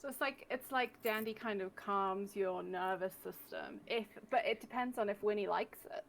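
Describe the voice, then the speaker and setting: A woman's voice: mid-range voice, moderate pace, creaky, slight background noise. A woman player in casual tabletop talk, hesitant and often restarting.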